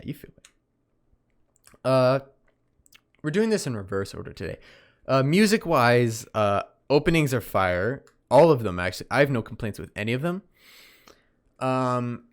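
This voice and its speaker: Tired young man rambling through a review. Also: mid-range voice. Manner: rambling, self-correcting, easily distracted, yawning. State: tired, keeps yawning. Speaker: podcast host reviewing anime. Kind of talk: casual solo podcast review.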